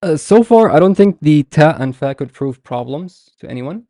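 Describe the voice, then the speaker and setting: A young man teaching a beginners' Arabic lesson live online, patiently explaining letters and repeating example words slowly. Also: a little high, lively intonation, warm tone, no room sound, clean studio sound.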